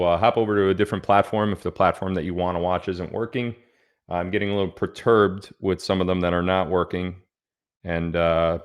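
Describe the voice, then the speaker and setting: A man hosting a casual livestream, chatting loosely and reading out where viewers are from. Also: sits low. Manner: chatty, reads out viewer locations. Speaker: livestream host.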